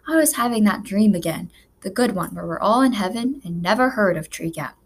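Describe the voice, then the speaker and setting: A gloomy old farmer grumbles from his pillow in a breathy, drowsy half-whisper, as a woman reading a storybook puts him on. His mid-pitched voice stays low-key and sighing. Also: expressive, brisk. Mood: sleepy grumbling. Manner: groggy, grumbling. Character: weary, melancholy older farmer husband, half asleep.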